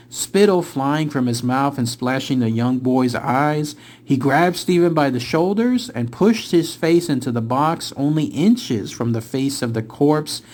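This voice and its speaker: A man reading aloud from a book about a frightening ritual, his voice lifting at the tense turns and slowing down for each reveal. He then drops into easy, casual talk as he goes over the chapter. His pitch sits in the middle for a man. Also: darkish tone. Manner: dramatic storytelling, rising for tense moments and slowing for reveals. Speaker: book reader and channel host.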